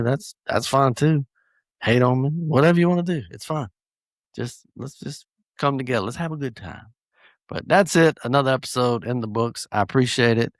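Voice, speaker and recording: A man's voice: mid-range voice, no room sound, clean studio sound. A man hosting a solo podcast, chatting casually and joking with rambling asides. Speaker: podcast host.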